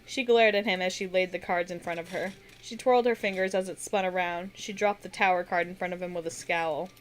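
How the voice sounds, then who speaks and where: A woman streamer reading her own fantasy story aloud in steady narration, with occasional slips she corrects. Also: fairly low pitch, brisk.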